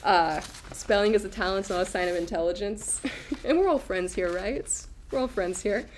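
A woman's voice: mid-range voice, moderate pace, a little hiss or hum. Woman, casual livestream host, chatty art lecturer with fillers and easy laughter. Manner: chatty, laughs often, many fillers and restarts; reads and answers viewer comments.

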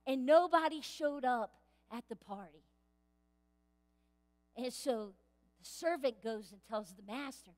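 A woman pastor preaching a sermon in a church, lively and playful, acting out voices as she goes. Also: sits high, slow, long pauses. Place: church sanctuary. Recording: reverberant church hall.

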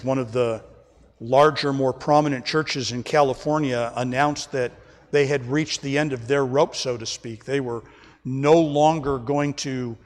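This is a pastor delivering an emphatic sermon in a church sanctuary, his mid-range voice filling a large hall. Recorded during a church service, he frequently calls the congregation folks.

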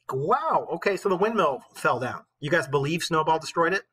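A male teacher reads a novel aloud to his class, his voice fairly high, bright and edged with gravel. He tells the story expressively and breaks off to explain it. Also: animated, a little fast, few pauses, poor audio. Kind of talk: reading a novel aloud with commentary.

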